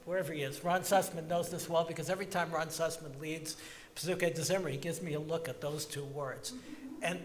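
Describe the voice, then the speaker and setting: A man giving a reflective talk to his congregation in a synagogue, slowing down to stress sung phrases. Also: a little high, in a large hall, a little hiss or hum. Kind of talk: sermon-like reflection. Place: large synagogue sanctuary.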